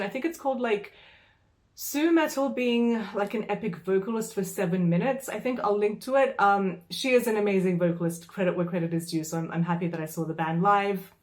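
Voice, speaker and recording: A woman tells a story straight to her viewers. Her voice sits at a middle pitch, and she talks in a loose, chatty way. She sounds exasperated, with plenty of fillers and an occasional swear. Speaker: vlogger. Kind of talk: casual storytelling vlog.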